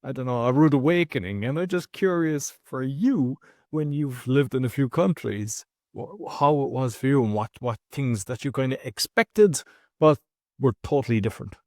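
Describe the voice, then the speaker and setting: A man's voice: medium pitch, expressive, moderate pace, a little mellow, no echo, studio quality. An Irish man hosting a podcast, reading an intro and chatting loosely with many restarts. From Ireland. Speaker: podcast host. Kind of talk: casual podcast interview.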